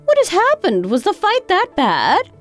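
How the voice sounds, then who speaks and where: Woman performing a touchy older mother-in-law, defensive and stammering, with a lively, high voice over faint music. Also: unhurried, full character voice. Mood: alarmed. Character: indignant older mother-in-law, proud, quick to take offense.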